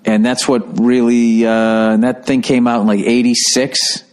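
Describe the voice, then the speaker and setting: A middle-aged man talking in a rambling, excitable way on a casual podcast monologue, swearing freely. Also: mid-range voice, a little slow. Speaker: podcast host.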